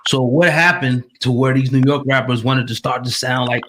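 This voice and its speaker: A man's voice: medium pitch, fairly even intonation, moderate pace, a bit bright. Male interviewer on a noisy, clicking line. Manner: rambling questions full of fillers. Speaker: interviewer host. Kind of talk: casual interview questions.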